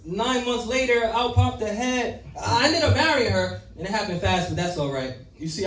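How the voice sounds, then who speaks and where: A man's voice: sits high, fairly bright tone. A young man performing rhythmic, rhyming spoken-word poetry with dramatic swings. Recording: roomy echo, mic far off, faint ambience.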